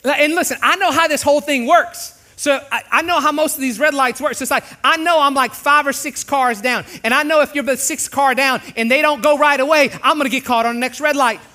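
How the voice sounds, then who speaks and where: Animated, bright-voiced preacher man. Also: very high-pitched, fairly quick, hardly any pauses. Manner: animated, jokey, acts out voices. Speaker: pastor. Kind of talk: sermon.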